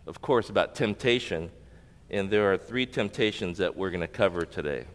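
A man's voice: lowish voice, fairly bright tone. A male pastor preaching a sermon, teaching and asking the congregation rhetorical questions. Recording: long reverb of a large hall.

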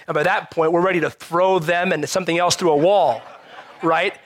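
A man preaching a sermon in an animated, conversational way, often checking in with rhetorical questions. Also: fairly high pitch, normal speed. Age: adult parent. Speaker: pastor.

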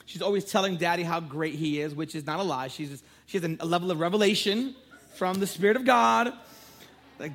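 A pastor in his thirties with a husky, slightly breathy voice pitched a little high. He preaches with a playful, joking storyteller's touch and prays with fervor. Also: brisk, fairly bright tone. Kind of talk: sermon.

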